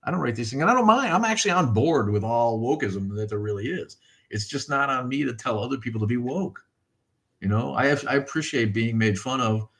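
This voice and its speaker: A man's voice: mid-range voice, lively intonation, fairly quick, a bit bright. Profane, rambling middle-aged man. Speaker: livestream host. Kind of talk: casual livestream chat reading viewer comments.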